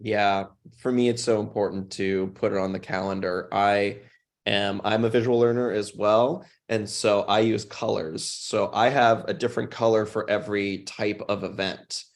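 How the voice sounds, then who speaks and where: Effusive gravelly-voiced male host. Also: on the low side, steady tone, moderate pace. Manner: effusive, playful, emotionally open. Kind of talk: live video Q&A.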